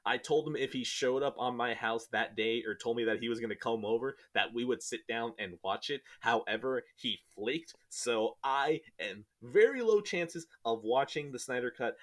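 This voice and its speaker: A man's voice: mid-range voice, moderate pace, hardly any pauses, fairly bright tone. A man hosting a podcast in casual chat, rambling and joking as he sometimes loses his train of thought. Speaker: podcast host.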